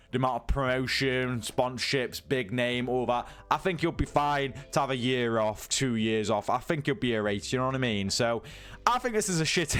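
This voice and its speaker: A man's voice: medium pitch, fairly bright tone, clear, resonant tone. A man giving a casual, incredulous and sweary rant as a sports news YouTuber.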